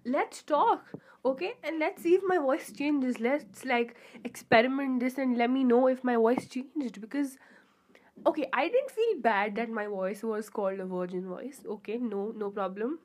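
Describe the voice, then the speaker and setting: A woman's voice: fairly high pitch, lively intonation, measured pace, a little mellow. A young adult woman hosting a casual solo podcast, rambling and chatty with lots of fillers and giggly asides, in a pure-sounding voice. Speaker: podcast host.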